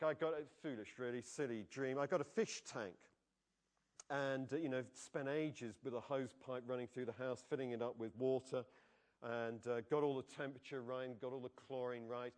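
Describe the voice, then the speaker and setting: A man preaching a sermon in a church, conversational and animated, often putting questions to the congregation. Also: fairly high pitch.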